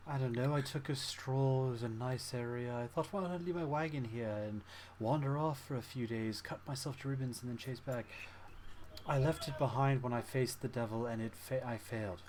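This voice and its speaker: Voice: mid-range voice, normal speed, darkish tone, a little hiss or hum, lightly acted. A game master voicing a wary, tied-up woman wanderer, in a dry, sarcastic, slightly indignant manner, in a tabletop role-play.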